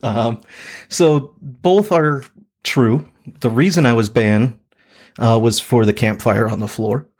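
A man's voice: mid-range voice, takes it slowly, a little mellow, husky. A man in his thirties, a podcast co-host, telling a story in a laid-back way, with lots of fillers and laughs. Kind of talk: casual storytelling chat.

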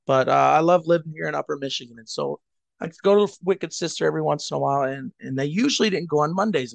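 A man from Cleveland chatting as a podcast co-host, telling a rambling, self-mocking story into a headset boom mic. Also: vocal fry, dry recording. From Cleveland, USA. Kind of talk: casual storytelling chat.

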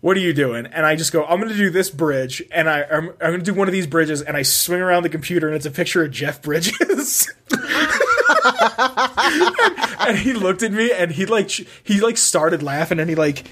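A man's voice: a little high, normal speed, a bit bright, a little hiss or hum. A young man telling a rambling school story in casual chat, self-mocking, swearing and laughing often.

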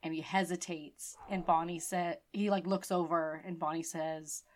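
A woman co-hosting a podcast in a slightly low voice. She retells a TV episode with eager enthusiasm, in loose casual chat packed with swearing and "like". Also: steady tone, moderate pace. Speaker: podcast co-host.

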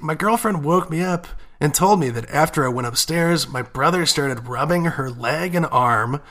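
Bright-voiced animated male podcast host. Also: on the high side. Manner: animated, swears freely, reads letters aloud. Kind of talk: casual podcast chat.

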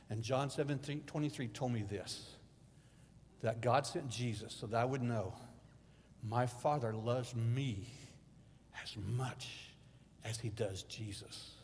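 A man preaching a sermon as a guest speaker in a church, telling a personal story with emotional swings from hushed to loud. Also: medium pitch, a little slow, breathy edge. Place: church sanctuary. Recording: long hall reverb.

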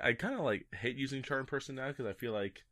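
A man's voice: mid-range voice, brisk, bright, forceful tone. A man playing in a tabletop role-playing game, chatty and giggly, often apologizing. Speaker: player.

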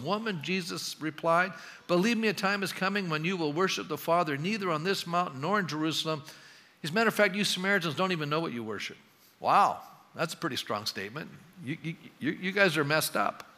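A man preaching a sermon as pastor, animated and reading scripture dialogue with emphasis. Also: a little high. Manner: animated, acts out the dialogue he reads with rising emphasis. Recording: long hall reverb.

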